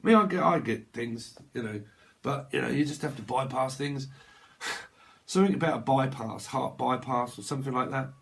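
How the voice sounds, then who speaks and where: A man giving a casual tarot reading, rambling through playful word associations and acting out customers in quick, silly voices. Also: mid-range voice, vocal fry, fairly bright tone. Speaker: tarot reader.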